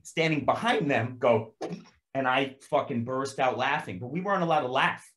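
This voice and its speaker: A man telling boot camp stories to old castmates in casual chat, laughing often, swearing freely and acting out shouted drill calls. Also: mid-range voice, moderate pace. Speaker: actor on a cast reunion panel. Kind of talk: casual storytelling among castmates.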